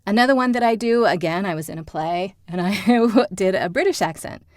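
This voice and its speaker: A woman's voice: mid-range voice, animated, normal speed, no room sound, clean studio sound. A woman acting coach giving a friendly, explanatory lesson to camera. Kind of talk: instructional talk to camera.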